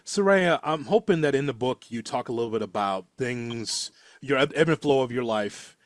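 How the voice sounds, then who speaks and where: A man co-hosts an interview with a measured, gentle question, his voice at a middle pitch. The sound is dry, with no room echo. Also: lively intonation. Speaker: interview co-host.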